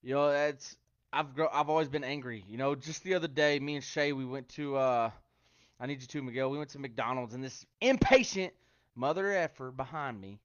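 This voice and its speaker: A man's voice: mid-range voice, moderate pace, dry recording. A man giving a casual devotional talk to online viewers, chatty and joking between scripture quotes. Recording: dry, dull lo-fi sound.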